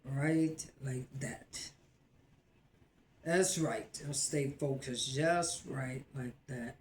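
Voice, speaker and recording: A married woman hosting a casual live cooking video at home, chatting excitedly to her viewers and laughing often. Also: a bass voice, very slow, slight background noise. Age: adult, married. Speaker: host of a home cooking channel. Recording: roomy echo.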